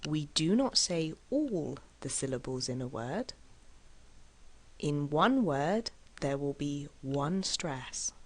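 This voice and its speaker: A woman gives a scripted English lesson, stretching and sounding out each word with care. Her voice sits low but swings widely in pitch, and she takes her time. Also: animated. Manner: slow, deliberate, over-pronounced words. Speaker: English teacher.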